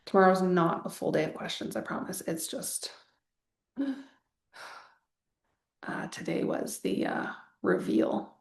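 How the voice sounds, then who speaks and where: A woman's voice: fairly low pitch, sing-song, takes it slowly, vocal fry, long pauses, echoey room. A woman coaching a group through a live wealth masterclass, talking casually and rambling, with sighs and the odd swear word. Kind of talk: live online coaching session.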